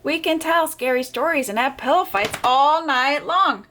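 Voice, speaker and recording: A woman's voice: high voice, moderate pace, bright, forceful tone, slight background noise, voice pushed up. A woman voicing a confident, teasing young boy in a storybook. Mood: eager. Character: bossy young male friend.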